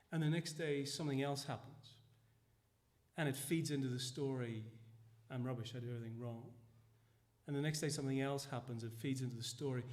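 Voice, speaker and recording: A man's voice: medium pitch, darkish tone. A man preaching a sermon, telling a family story and acting out the dialogue. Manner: storytelling, acts out dialogue, frequent restarts. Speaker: pastor. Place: church.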